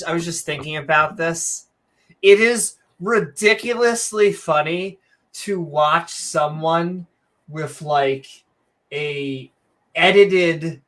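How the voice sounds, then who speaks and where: A woman's voice: fairly low pitch, fairly bright tone. A woman co-hosting a casual livestream chat, joking and rambling with chuckling asides. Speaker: co-host.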